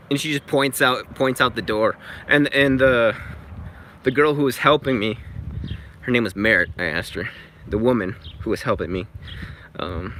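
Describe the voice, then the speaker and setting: A man's voice: mid-range voice, sharp tone. A man telling a story in a casual vlog, chatty and exasperated, swearing freely, recorded outside near traffic. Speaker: vlogger.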